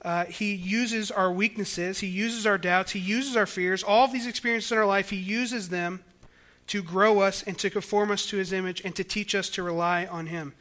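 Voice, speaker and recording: A man's voice: high voice, fairly even intonation, normal speed, fairly bright tone. A young man preaching a sermon in a conversational way, now and then acting out quoted voices. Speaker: pastor.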